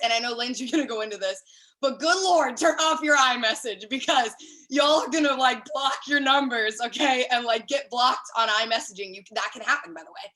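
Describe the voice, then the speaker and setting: A woman leading a team sales training over a video call, chatty and excited, with lots of fillers and quick asides. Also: on the high side, rough recording.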